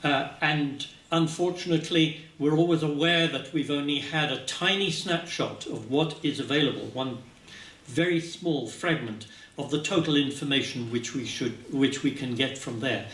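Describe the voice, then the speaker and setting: Halting man lecturing in an echoey hall. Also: on the high side, fairly bright tone. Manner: halting, many "uh" fillers and restarts. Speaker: scientist giving a symposium talk. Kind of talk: conference presentation. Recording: echoey hall, speaker far from mic.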